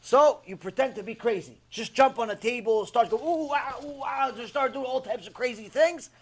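A man's voice: very high voice, fairly quick. A man giving a mussar lecture on Torah ethics, telling jokes and acting out characters as he teaches. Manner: animated storyteller, jokes, acts out characters.

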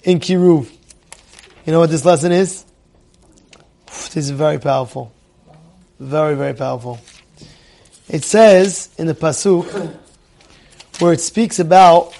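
A middle-aged man leads a Torah class with a high, lively voice. He repeats phrases for emphasis, peppers his talk with Hebrew terms and keeps asking his listeners whether they follow. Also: creaky. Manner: animated, repeats phrases for emphasis, asks the audience questions. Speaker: Torah teacher.

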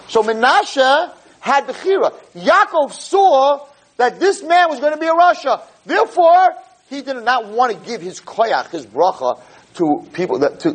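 Lively, husky-voiced man teaching a class. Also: a little high, low-quality recording. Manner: animated, explains with everyday stories and asks the room questions. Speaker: rabbi teaching a Torah class. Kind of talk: evening Torah lecture to a live audience. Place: in front of an audience.

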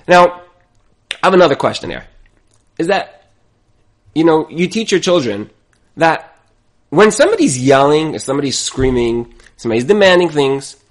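A man preaches with a high, very expressive voice that leaps up and down as he tells stories. He acts out the people he quotes, swinging from loud to hushed. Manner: animated storytelling, acts out quoted speakers. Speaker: rabbi giving a Torah talk. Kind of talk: sermon with stories.

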